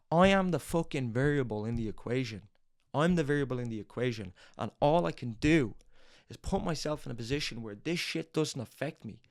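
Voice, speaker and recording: A young man hosts a motivational talk in an intense, swearing delivery. His voice sits at an everyday mid pitch, and he drives each point home by repeating it over and over. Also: a little mellow. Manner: intense, profane, hammering repetition. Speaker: podcast host. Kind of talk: motivational monologue.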